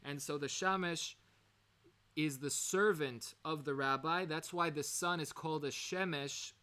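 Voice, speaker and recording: Bright-voiced man teaching a casual lesson. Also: on the high side, unhurried. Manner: digressive, with many fillers and self-corrections; mixes Hebrew terms into English explanations. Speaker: Torah teacher. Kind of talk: informal recorded lesson.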